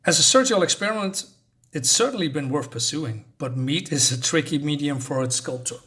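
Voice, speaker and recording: A man's voice: fairly high pitch, lively intonation, brisk, fairly bright tone. A man reading out the lines of a cold alien entity living inside a man's body. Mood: clinical.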